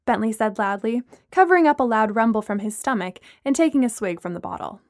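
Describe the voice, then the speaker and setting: A woman reads a first-person story aloud in a somewhat high voice. Her pitch rises and falls expressively from line to line. The recording is close and dry. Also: animated, brisk, few pauses, no echo. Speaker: audiobook narrator.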